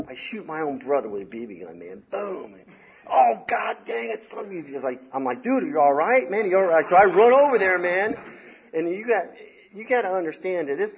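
A middle-aged man from the Southern US telling a wild story from his youth in a casual, rambling, animated way, dropping "man" and "you know" often. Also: fairly high pitch. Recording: slightly dull recording.

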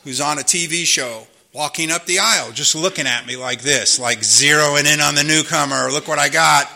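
A man's voice: fairly high pitch, normal speed, gravelly, pushed and bright. A man in his fifties or older giving an earnest personal testimony at a recovery meeting, telling stories and often asking "you know?". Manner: earnest storytelling, repeats himself, frequent "you know?".

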